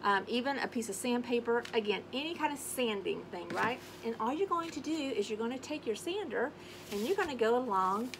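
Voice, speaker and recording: Brief: a woman host of a casual crafting video, slightly high pitched, chatty and sing-songy, with audible background noise. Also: expressive, a little fast. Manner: chatty, sings little scat tunes while working. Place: home craft space on an acreage.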